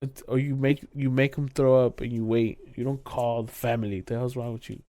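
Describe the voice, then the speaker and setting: A man's voice: mid-range voice, level tone, brisk, warm tone, no room sound. A young man co-hosting a podcast, telling a drunk story in casual chat, swearing often and acting out the quotes with bursts of laughter. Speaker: podcast co-host.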